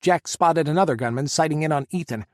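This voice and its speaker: A man's voice: fairly high pitch, quick pace, no echo. Dry-voiced male audiobook narrator. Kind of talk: scripted narration.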